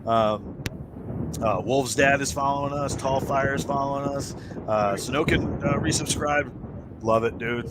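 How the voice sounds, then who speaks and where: A man narrating as game master of a streamed tabletop game, relaxed, with many fillers and easy laughs. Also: medium pitch, a little slow, very noisy.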